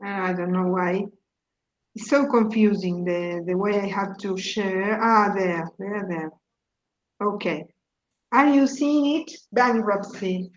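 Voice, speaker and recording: A woman from Argentina teaching an online English class, explaining vocabulary in a halting way and repeating words as she thinks. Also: mid-range voice. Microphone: video call. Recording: echoey, dull call audio.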